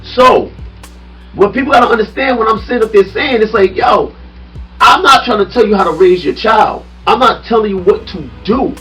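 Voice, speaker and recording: A man hosting a casual podcast chat, animated and laughing often, building his points with questions to his guest. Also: sits high, normal speed, distant mic, soft background music, poor audio. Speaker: podcast host. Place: studio room with a small audience.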